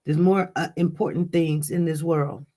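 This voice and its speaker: A woman's voice: low voice, fairly even intonation, moderate pace, mellow. A woman hosting a casual livestream, talking straight to her viewers in an impassioned, repetitive way. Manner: impassioned, repetitive, talks directly to chat. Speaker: livestream news host.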